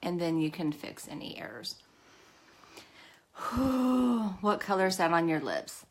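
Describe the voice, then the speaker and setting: A woman's voice: sits low, lively intonation, fairly quick. A woman hosting a casual live makeup tutorial, chatting nervously and laughing at herself as she works. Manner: chatty, nervous, self-deprecating, with a nervous cough. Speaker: makeup live-stream host.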